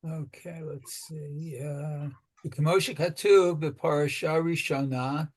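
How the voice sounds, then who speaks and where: A male student in a text class, reading a passage aloud quietly and tentatively. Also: fairly high pitch, steady tone, takes it slowly.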